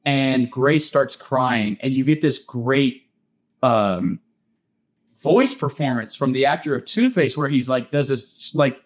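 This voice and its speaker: An eager man on a podcast, talking at an everyday middle pitch. He rambles through a long retelling in loose, casual chat, restarting his sentences as he goes. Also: lively intonation, takes it slowly. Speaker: podcast co-host.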